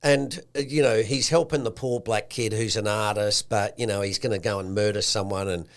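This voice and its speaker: A man with an Australian accent hosting a casual podcast chat in an animated way, slipping into slangy bits of speech. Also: on the low side, normal speed. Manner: animated, acts out quotes with a slangy tone. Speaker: podcast host.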